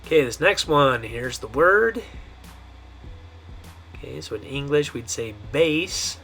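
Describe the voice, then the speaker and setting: A man teaching a pronunciation lesson, saying each model word slowly and checking in often with the class. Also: mid-range voice, animated, vocal fry, bright, forceful tone, soft background music. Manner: slow, drawn-out model words with frequent "okay?" checks. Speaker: Spanish teacher.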